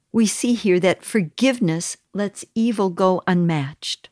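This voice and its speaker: Slow, measured woman teaching Scripture. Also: medium pitch, darkish tone, dry recording, studio quality. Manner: slow, measured, earnest delivery. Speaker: Bible teacher. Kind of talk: Bible study lesson.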